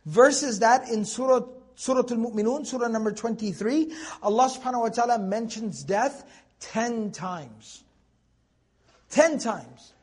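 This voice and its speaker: A man's voice: extremely high pitch, expressive, a little slow, darkish tone, husky. A young man giving a conversational Quran tafseer lecture, reciting Arabic verses and asking rhetorical questions. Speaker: Quran teacher.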